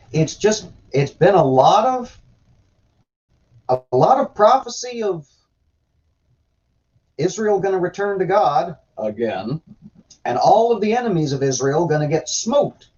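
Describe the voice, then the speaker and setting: A man chatting casually on a livestream, with a lively, swooping delivery full of irreverent jokes. His voice comes through slightly dull and lo-fi, like budget streaming audio. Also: on the high side. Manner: irreverent, joking, reads chat aloud. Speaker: host reading and commenting on scripture.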